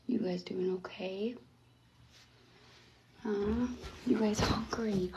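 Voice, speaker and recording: A woman's voice: medium pitch, fairly even intonation, extremely slow, pauses often. A woman vlogging casually, often dropping to a whisper and cooing to cats in a sing-song voice. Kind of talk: casual vlog talk. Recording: noisy amateur recording.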